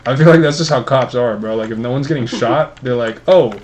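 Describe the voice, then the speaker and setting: A man's voice: mid-range voice, fast talker, noisy background. A young man co-hosting a casual podcast, telling rambling, profane stories between games. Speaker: podcast co-host. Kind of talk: casual chat while gaming.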